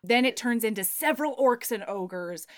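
A woman's voice: a little high, lively intonation, moderate pace. A woman co-hosting a casual podcast, retelling a book plot in a breezy, profane way. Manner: breezy, profane storytelling with voiced asides. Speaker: podcast co-host recapping a book. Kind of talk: casual chat.

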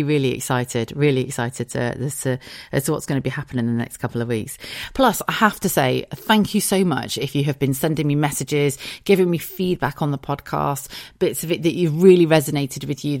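A woman in her thirties from Cheshire in England with an English accent, hosting a solo podcast in a chatty, animated way and swearing freely. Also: rumbling low. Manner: chatty, swears freely, animated storytelling with put-on quoted voices. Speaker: podcast host.

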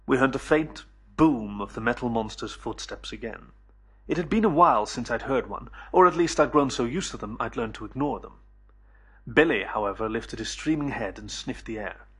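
A man narrating a first-person audiobook in a measured storytelling manner. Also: medium pitch, lively intonation, fairly bright tone, slightly rough.

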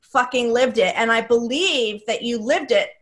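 A woman's voice: on the high side, normal speed. A woman hosting a podcast interview, speaking emphatically and repeating herself as she searches for words. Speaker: podcast host. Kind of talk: conversational interview.

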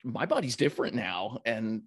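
A man's voice: medium pitch, big pitch swings, normal speed, husky. An American man in his forties hosts a podcast interview over a video call, talking energetically with many restarts and easy laughter. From United States. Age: 40s. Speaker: podcast host. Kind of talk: casual interview chat.

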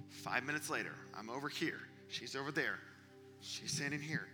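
A man preaching a sermon to young people, telling stories with energy and dropping to a hushed whisper for emphasis. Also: mid-range voice, animated, moderate pace. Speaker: youth preacher. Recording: long hall reverb with music behind.

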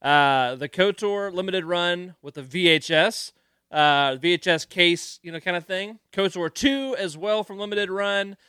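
A man's voice: high voice, measured pace, bright, forceful tone, smooth, dry recording. A man co-hosting a casual podcast, easygoing and joking as he chats. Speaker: podcast co-host. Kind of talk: casual chat.

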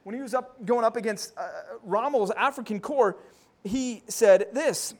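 Pastor guy preaching, kinda high voice, gets really fired up and loud sometimes. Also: measured pace. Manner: animated preaching, voice rising to near shouting when quoting. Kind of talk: sermon.

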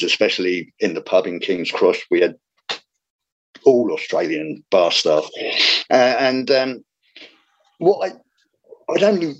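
A man's voice: fairly low pitch, dull audio. A man, a comedian chatting in an interview, rambling with many restarts. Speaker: comedian guest. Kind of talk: casual interview chat.

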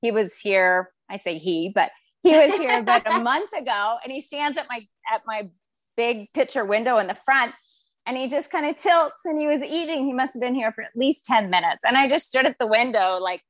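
Chatty podcast guest, woman, animated storyteller, dry recording. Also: a little high, moderate pace, no echo. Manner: animated storyteller, acts out quoted voices. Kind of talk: casual conversation.

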